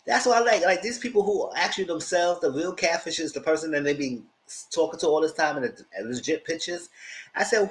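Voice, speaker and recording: A man giving a casual, animated recap of a reality show, acting out quotes in a squealing high voice and breaking into loud laughs. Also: fairly quick, low-quality recording. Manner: loud laughs and shouted asides. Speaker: TV show reviewer.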